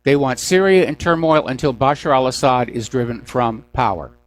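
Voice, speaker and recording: A man at a studio microphone hosting a call-in news show. His voice sits at an ordinary middle pitch, and he runs through the headlines with a dry, sarcastic edge. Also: moderate pace. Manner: sarcastic, mocking asides. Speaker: radio talk show host.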